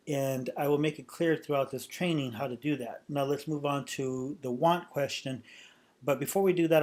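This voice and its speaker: Man, sales trainer, fairly high voice, loose instructional talk, repeats and restarts phrases. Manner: acts out sample sales lines.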